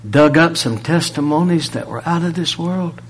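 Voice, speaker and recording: A man preaching a sermon, pressing rhetorical questions and swinging from loud emphasis to a near-whisper. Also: a little high, normal speed, breathy edge.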